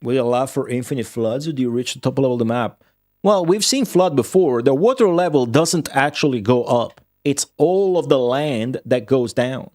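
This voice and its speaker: A man's voice: mid-range voice, moderate pace, hardly any pauses, darkish tone, no room sound, studio quality. A man with Italian as his first language, streaming a game live and chatting with viewers in English with a slight Midwestern and Australian tinge. He talks in a profane, rambling, offhand way. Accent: slight Midwestern with a touch of Australian. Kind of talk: live gameplay commentary with chat.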